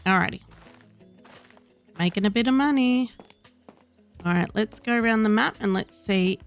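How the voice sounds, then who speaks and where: A woman casually talking through a game as she plays, reading the game's dialogue aloud in her own voice. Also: medium pitch. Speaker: gaming host. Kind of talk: casual gameplay commentary.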